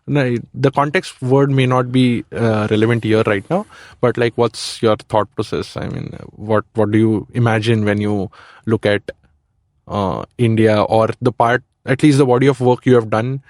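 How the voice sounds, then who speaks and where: A man's voice: on the low side, steady tone, moderate pace, darkish tone, no room sound, clean studio sound. A man hosting a podcast interview, asking rambling, tentative questions with lots of fillers.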